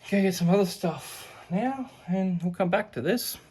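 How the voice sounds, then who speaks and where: Man, fairly high voice, talking through a repair job, relaxed and chatty, faint background noise. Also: moderate pace. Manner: talks while working, chatty, self-deprecating. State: out of breath. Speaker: home mechanic. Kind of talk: casual workshop commentary.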